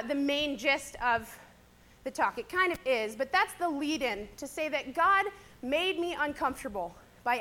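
Young woman teacher, high voice, bright tone, giving a chatty church talk. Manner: chatty, animated storyteller. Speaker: teacher speaking to a church audience. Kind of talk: personal sermon-style talk.

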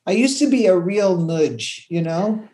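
An older woman from Canada, a creativity consultant, telling stories in an animated, conversational way and acting out the voices she quotes. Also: measured pace. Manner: expressive, acts out quotes, jumps to high pitch when excited.

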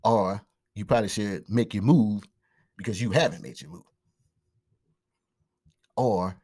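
Fast-talking podcast man, slangy. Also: lowish voice, a little mellow, breathy edge. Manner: fast, loose talk with fillers and slang. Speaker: podcast host. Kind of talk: casual solo podcast monologue. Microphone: podcast microphone.

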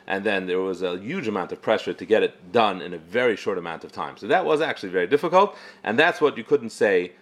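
A middle-aged man, a rabbi, giving an informal weekly Torah talk in a conversational way, often halting and restarting his sentences. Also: sits low.

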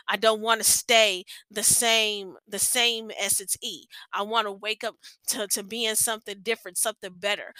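Young woman doing a church-y podcast, earnest, keeps restarting, bright voice. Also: mid-range voice, dry recording. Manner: earnest, rambling, frequent restarts. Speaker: podcast host. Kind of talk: faith-based personal podcast talk.

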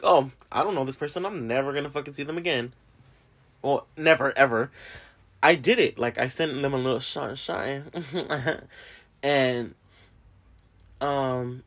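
A man casually telling a personal story to his viewers, animated and profane, with plenty of laughs and fillers. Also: mid-range voice.

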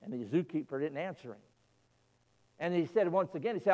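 A man's voice: on the high side, expressive, a little fast, warm tone, recorded from a distance. Fervent man preaching, voice swinging widely. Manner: storytelling, fervent. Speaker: pastor. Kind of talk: sermon.

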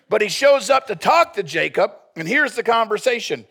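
Male pastor, blunt and joking sermon delivery, husky gravelly voice, fairly high. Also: big pitch swings, fairly quick, sharp tone. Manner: blunt, joking, earnest preaching.

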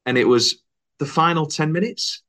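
A man's voice: a little high, moderate pace. A young man hosting a casual film podcast, chatty and laughing often. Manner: chatty, laughs often, lively retelling with put-on voices. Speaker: podcast host.

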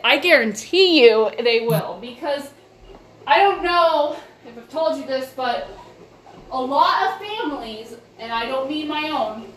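A woman's voice: sits high, a bit bright. A young woman venting casually to her viewers, emphatic and repetitive, frustrated with her family. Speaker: vlogger. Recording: echoey room from far off, faint hiss.

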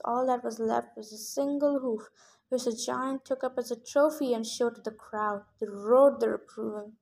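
A woman reading a novel aloud, expressive first-person narration. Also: high voice. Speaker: audiobook reader.

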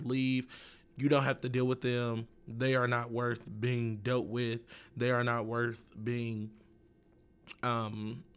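A man's voice: mid-range voice, fairly bright tone, smooth. A young man talking straight to his viewers in a casual vlog, rambling with lots of "like" and "um". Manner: casual, meandering, filler-heavy with likes and ums. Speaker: vlogger.

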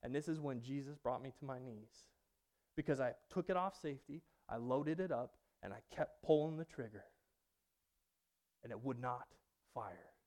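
A man preaching a personal testimony sermon, moving between hushed passages and loud outbursts. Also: medium pitch, moderate pace. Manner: dynamic, swings from hushed to loud.

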